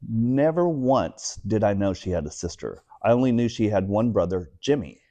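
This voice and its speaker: A man's voice: on the low side, normal speed, dry recording. A man in his forties from Texas, a guest telling personal stories in a casual interview and acting out the voices of the people he quotes. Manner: animated storyteller who acts out quoted voices.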